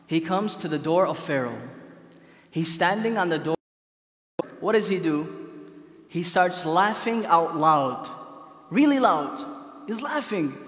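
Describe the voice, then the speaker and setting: A man's voice: sits high, a bit bright. Echoey-voiced casual male lecturer. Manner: casual storytelling, frequent rhetorical questions. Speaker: religious lecturer. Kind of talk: conversational religious lecture. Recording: echoey hall.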